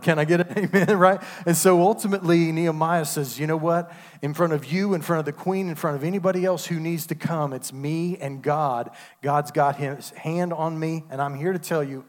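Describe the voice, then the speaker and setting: A man, preaching a sermon with call-and-response asides. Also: a little high. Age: 50s. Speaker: pastor. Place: church sanctuary. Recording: long hall reverb.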